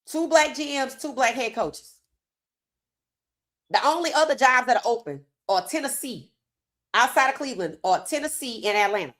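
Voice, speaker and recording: A woman hosting a live sports talk stream, reading viewer comments aloud and reacting with animated opinions, her voice worn from hours of streaming. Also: sits high, normal speed, pauses often. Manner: animated, talks straight to chat, reads comments aloud. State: losing her voice.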